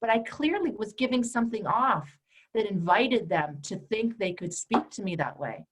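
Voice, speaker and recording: A woman's voice: mid-range voice, expressive, moderate pace, rough recording. Direct woman coach, emphatic. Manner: direct, emphatic, acts out quoted voices. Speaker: empowerment coach and trainer. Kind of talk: coaching a group call.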